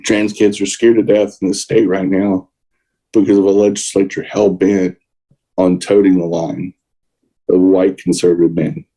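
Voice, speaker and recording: A man's voice: deep voice, level tone, moderate pace, dark tone, rough recording. A man co-hosting a podcast, giving emotional, indignant political commentary. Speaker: podcast co-host.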